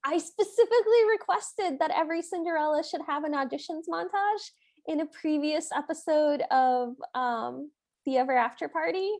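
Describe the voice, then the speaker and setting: High-voiced, giggly woman co-host. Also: normal speed. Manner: giggly, animated retelling. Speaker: podcast co-host. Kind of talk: casual chat recapping a film.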